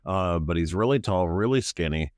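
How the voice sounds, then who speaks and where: A man's voice: low voice, lively intonation, normal speed, dry recording, studio quality. A man describing his character at a tabletop game, hesitant with many fillers. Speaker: player.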